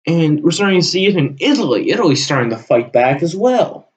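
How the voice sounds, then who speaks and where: A man delivering a heated, profane solo rant with sudden loud bursts. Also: on the high side, sing-song, a little fast. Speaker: channel host. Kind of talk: solo ranting monologue. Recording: dull lo-fi recording.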